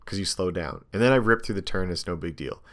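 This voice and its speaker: Casual storyteller: young guy, lowish voice, animated and rambling with lots of filler words. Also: fast. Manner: rambling, animated storytelling with many ums and likes. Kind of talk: casual chat, telling a story.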